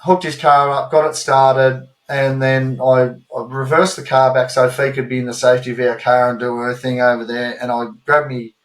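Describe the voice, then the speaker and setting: A man's voice: medium pitch, level tone, moderate pace, hardly any pauses, low-quality recording. A man with an Australian accent co-hosting a podcast, telling a story in casual chat, swearing freely and rambling through asides. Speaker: podcast co-host.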